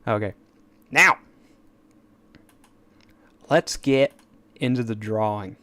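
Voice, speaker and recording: A man's voice: fairly low pitch, slow pace, sharp tone. A man chatting on a casual live stream at his desk mic, rambling and eager, with stammered restarts and asides. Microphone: desk microphone.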